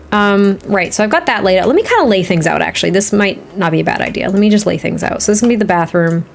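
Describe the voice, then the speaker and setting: A woman's voice: mid-range voice, creaky, slight background noise. A woman live streaming while she builds in a game, chatting and rambling to her viewers and laughing often. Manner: talks to chat viewers, reads their comments.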